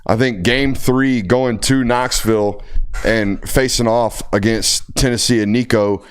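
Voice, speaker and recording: A man's voice: medium pitch, steady tone, measured pace, clean tone. A young man hosting a casual sports talk show, telling stories in a laid-back, drawling way. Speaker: podcast host.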